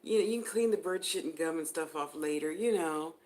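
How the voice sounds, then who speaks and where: A woman's voice: low-pitched, a little fast, darkish tone. Chatty woman giving a live psychic reading. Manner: chatty, giggly, addresses viewers by name. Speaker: spiritual reader.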